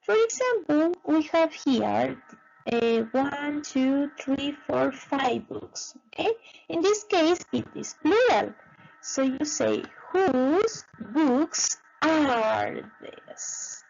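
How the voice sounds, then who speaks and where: In a dull, lo-fi recording, a woman runs an unhurried English class, going back and forth between English and Spanish and saying every word more than once. She speaks with a fairly high, lively, swooping voice that trails into gravelly vocal fry at the end of each phrase.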